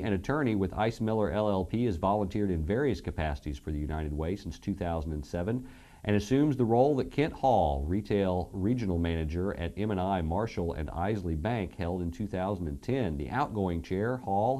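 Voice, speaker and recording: A man's voice: sits low, dark tone. A man reading local news headlines as the anchor of a studio newscast. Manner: brisk scripted headline delivery. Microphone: studio mic.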